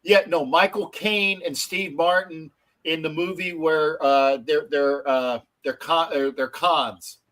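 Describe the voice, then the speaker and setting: A man's voice: a little high, fairly even intonation, slow, a bit bright, low-quality recording. A man hosting a live stream in casual chat, rambling with lots of restarts and swearing freely. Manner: rambling, swears, many false starts. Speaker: show host.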